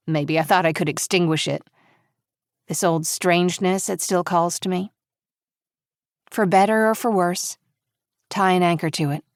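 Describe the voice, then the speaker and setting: A woman giving measured, reflective first-person audiobook narration. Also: mid-range voice, no room sound, studio quality. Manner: measured, reflective, quietly intimate.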